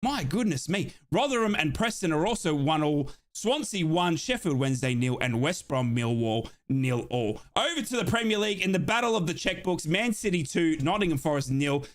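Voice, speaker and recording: A man from Australia hosting a live football watchalong, calling scores and reading out chat with excited outbursts. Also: on the high side, normal speed, hardly any pauses. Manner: excitable, exclaims and reads chat. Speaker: watchalong streamer.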